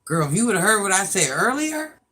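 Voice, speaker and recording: A woman's voice: mid-range voice, big pitch swings, brisk, a bit bright. A woman in her fifties hosting a casual livestream chat, a chatty storyteller who laughs at herself as she talks to her viewers. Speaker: livestream host.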